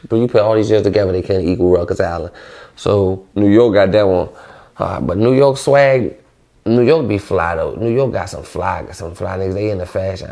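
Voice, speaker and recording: Low gravelly-voiced young D.C.-man. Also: mellow. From Washington D.C. area. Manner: loose, rambling, heavy on slang. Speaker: vlogger. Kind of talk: casual monologue.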